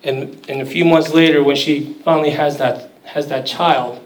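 A man's voice: a little high, steady tone, moderate pace, roomy sound, distant mic, rough recording. A man preaching a sermon in a conversational, storytelling way, acting out quoted voices. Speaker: pastor.

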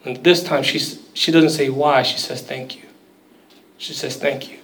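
A man's voice: mid-range voice, fairly even intonation, measured pace, fairly bright tone, echoey room, recorded from a distance, poor audio. A man preaching a sermon in a conversational, storytelling way, acting out quoted voices. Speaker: pastor.

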